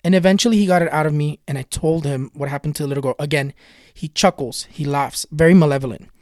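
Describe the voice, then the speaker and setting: A man with a fairly high voice tells a personal eerie story in a casual, earnest way. He repeats himself to build suspense and keeps retelling what was said. The sound is dry and close. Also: fast talker, darkish tone, no room sound. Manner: earnest, retells dialogue with many "he goes" quotes. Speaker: spiritual storyteller and tarot reader.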